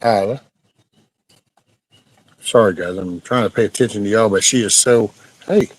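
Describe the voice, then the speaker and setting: A man's voice: on the low side, moderate pace, no echo, low-quality recording. A middle-aged man, hosting a casual livestream chat, rambling along and breaking off now and then to scold his dog. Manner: laid-back, rambling, scolds his dog mid-sentence. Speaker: livestream host. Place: at home near a backyard chicken coop.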